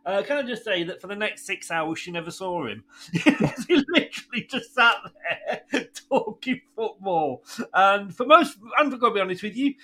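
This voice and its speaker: A man's voice: high voice, animated, moderate pace, pushed and bright. A middle-aged man hosting a radio show, chatting with a caller and laughing through his stories. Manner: chatty storyteller, laughs often. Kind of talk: casual chat with a caller.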